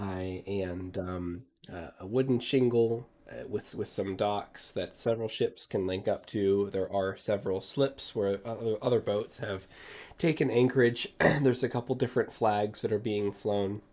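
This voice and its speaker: Slow, hesitant game master man. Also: on the low side, darkish tone. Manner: hesitant, many ums and uhs. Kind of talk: narrating a tabletop game.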